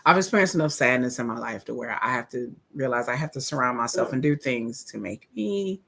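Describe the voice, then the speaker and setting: A woman's voice: extremely low pitch, lively intonation, fairly quick, gravelly, fairly bright tone, husky. A woman hosting a live watch-along, chatting candidly, swearing freely and laughing often. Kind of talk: casual reaction commentary.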